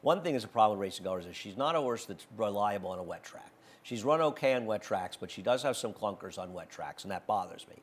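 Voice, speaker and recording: A fairly low-pitched man hosting a horse racing show. He talks through his betting picks in a blunt, animated way, sure of his opinions. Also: fast. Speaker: racing handicapping show host. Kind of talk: casual betting analysis chat.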